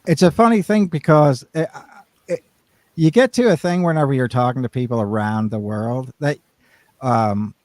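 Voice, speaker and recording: A man's voice: medium pitch, normal speed, a little mellow, dry recording. Podcast guy rambling on, lots of restarts, mid voice, dry mic. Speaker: podcast co-host. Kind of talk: casual chat.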